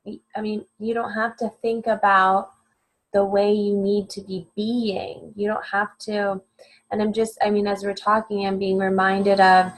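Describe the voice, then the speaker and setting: A woman's voice: mid-range voice, low-quality recording. A woman speaking in a spiritual conversation as a guest, earnest and emphatic, repeating her key phrases.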